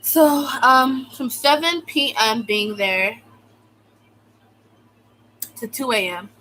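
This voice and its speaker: Young adult woman, US-born vlogger, casual storytime rant, sarcastic and dramatic, full of "like", crisp bright tone. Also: fairly high pitch, animated, takes it slowly, soft background music, poor audio. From United States. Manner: exaggerated, sarcastic, fills speech with "like". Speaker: vlogger telling a personal story.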